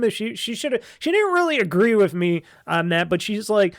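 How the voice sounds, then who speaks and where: A man's voice: high voice, very animated, fairly quick, hardly any pauses, dry recording, studio quality. A man hosting a podcast, telling a long rambling story and acting out what others said in a raised voice. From Buffalo, New York. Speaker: podcast host. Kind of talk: casual monologue.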